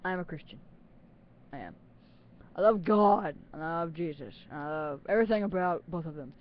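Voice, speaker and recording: A teenager rambles into a webcam in a casual, self-mocking way, giggling as they go. The voice sits at a middle pitch. The webcam audio is a little dull and muffled. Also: brisk, slight background noise. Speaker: channel host.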